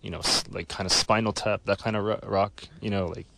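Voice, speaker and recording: A man reading quirky news on a radio show, relaxed and conversational, often trailing off. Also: lowish voice, brisk, vocal fry, heavy background noise. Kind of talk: casual radio banter. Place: radio studio. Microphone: studio mic.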